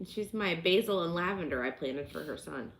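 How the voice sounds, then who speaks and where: A woman with a fairly low voice co-hosts a casual live chat, reading viewer questions in a plain, matter-of-fact way. The room around her is echoey. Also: expressive, moderate pace.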